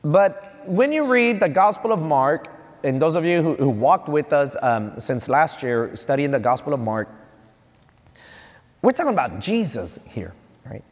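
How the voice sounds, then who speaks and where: A man with a Texan accent preaching a sermon as pastor, animated, with emphatic rising peaks. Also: a little high, measured pace. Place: church hall. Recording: long church reverb.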